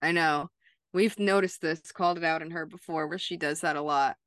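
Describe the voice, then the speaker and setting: A woman co-hosting a podcast recaps a TV episode in a chatty, casual way, dropping "like" constantly. Her low voice is fairly bright with fairly even intonation and normal speed, captured in a dry, clean studio recording.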